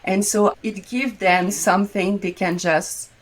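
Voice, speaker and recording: A woman with a French accent, speaking as an intimacy coach guest in a relaxed interview with lots of fillers. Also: medium pitch, measured pace. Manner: frequent fillers, loose phrasing. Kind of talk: casual conversational interview.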